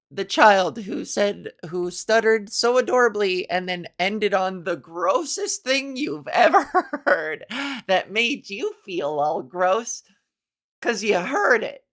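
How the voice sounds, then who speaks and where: A woman's voice: mid-range voice, animated, slow, a bit bright. A young woman comedian hosting her own podcast, rambling through a giggly solo monologue. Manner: rambling, giggly, breaks into silly voices.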